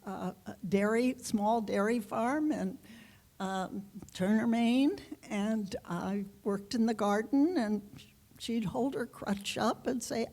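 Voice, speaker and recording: A woman being interviewed as a guest author, answering in an unhurried, reflective way with pauses and fillers. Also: on the high side, dark tone. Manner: unhurried, reflective, halting with fillers and light laughs.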